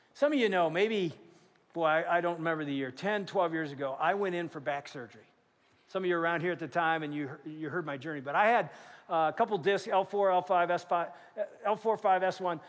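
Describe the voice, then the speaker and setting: A middle-aged male pastor preaching a sermon in a large church, telling stories and acting out what people said. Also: high voice. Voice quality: animated storyteller, acts out quotes. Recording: long church hall reverb.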